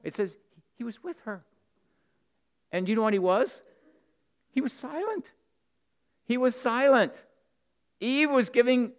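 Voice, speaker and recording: A smooth-voiced man preaches to the men in his congregation with earnest directness. He swings between emphatic, loud passages and low, intimate comments.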